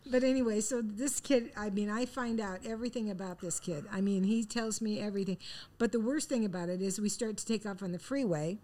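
A woman's voice: medium pitch, brisk, dark tone. A middle-aged woman telling a long funny story in casual chat. She laughs often and acts out the dialogue.

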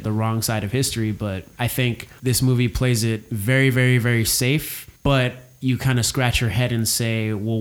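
A man talks through a film in a relaxed, opinionated way. His voice sits at an ordinary middle pitch. He circles his points with fillers and restarts. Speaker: podcast co-host discussing a film. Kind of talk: casual discussion.

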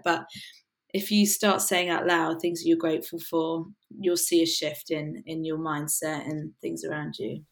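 A woman's voice: deep voice, flat delivery, moderate pace, a bit bright. A woman from the UK, a worship musician, talking earnestly and casually in a podcast interview, with many fillers.

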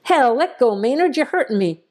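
A woman narrator voices a scrappy eleven-year-old boy who swears and talks back. His voice sits higher and whinier, with a mellow tone underneath. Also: animated, moderate pace. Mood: defiant. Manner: defiant, swearing, whiny. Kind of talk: audio horror story reading.

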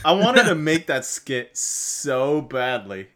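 A man's voice: medium pitch, sing-song, slow, a crowd in the background. A man in a casual chat who talks with enthusiasm and laughs easily. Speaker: podcast co-host and skit maker.

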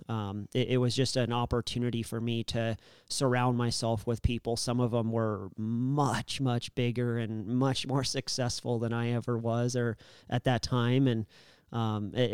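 A man talks on a podcast in a very clear, smooth voice with little rise and fall. He is earnest and halting, restarting his sentences often. The recording is dry and close. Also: mid-range voice, a little mellow, no echo. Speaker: guest, business owner. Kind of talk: casual podcast chat.

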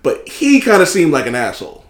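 A man telling a story in casual, animated chat, swearing freely and acting out what others said. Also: on the high side, fairly quick, echoey room. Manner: animated, swearing, acts out quotes in other voices.

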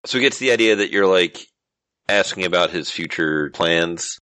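A man narrating as game master of a tabletop role-playing game, relaxed and measured. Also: deep voice, clean tone, dry recording, poor audio.

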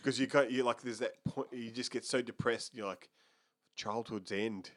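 A man chatting on a podcast in a middle-pitched, everyday voice over a close mic. His humour is dry and sarcastic, delivered with a straight face. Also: a little fast. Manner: wry, deadpan sarcasm. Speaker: podcast co-host. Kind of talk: casual chat.

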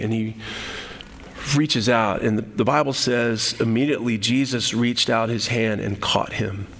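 A man's voice: mid-range voice, vocal fry, a bit bright, breathy edge. A man preaching a sermon, telling the story animatedly, with frequent repeats and restarts. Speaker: pastor. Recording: long hall reverb.

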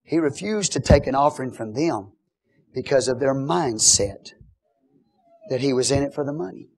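A pastor preaching a sermon in church, emphatic, often checking that the congregation follows along. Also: male voice, medium pitch, animated, moderate pace, a little mellow.

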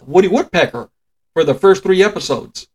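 A man's voice: high-pitched, animated, moderate pace, breathy edge, rough recording. An older man in casual podcast chat, telling trivia stories with frequent chuckles. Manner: chatty storyteller, shares trivia, chuckles often. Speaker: podcast co-host.

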